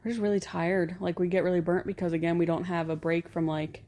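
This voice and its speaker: A woman, co-hosting a relaxed couple's podcast. Her voice sits a little low for a woman. She talks candidly and laughs often. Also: quick pace. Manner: candid, laughs easily, soft-spoken. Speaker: podcast co-host. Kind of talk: casual couple's podcast chat.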